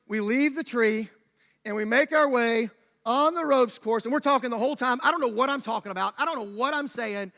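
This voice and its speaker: Bright high-voiced man preaching in a hall. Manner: animated, acts out the story with a volunteer. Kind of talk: sermon storytelling. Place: church sanctuary. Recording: church hall reverb.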